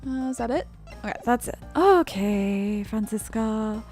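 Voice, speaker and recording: A woman's voice: a little high, lively intonation, a little slow, darkish tone, faint music behind. Chatty young woman giving game commentary. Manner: chatty, laughs often. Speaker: streamer. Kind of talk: casual gameplay commentary.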